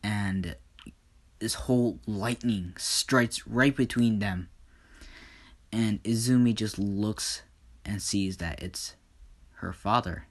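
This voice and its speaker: A man narrating an improvised fan story in a casual, rambling way. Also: fairly low pitch. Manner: slow, casual, with many "and just".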